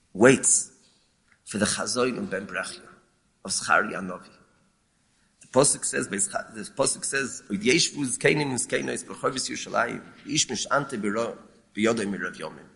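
A man teaching as a rabbi, explaining a lament text in a measured, halting way and often repeating words. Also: medium pitch, gravelly, sharp tone. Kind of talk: explaining a lament text, mixing Hebrew terms.

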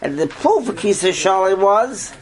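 A man giving an informal Torah class, quizzing his listeners in an animated way. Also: high voice, normal speed, crowd noise, rough recording. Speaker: Torah teacher.

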